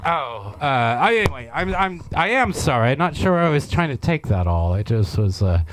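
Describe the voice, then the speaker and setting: A man hosting a comedy variety show, musing in a halting, mock-solemn way. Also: medium pitch, sing-song. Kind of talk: deadpan comic hosting.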